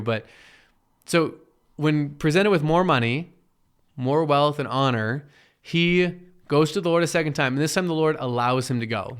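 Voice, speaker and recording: A man's voice: mid-range voice, fairly bright tone. A man giving a casual Bible teaching in a conversational way, often checking in with "right?" and acting out quoted characters. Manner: acts out quoted characters in the retelling.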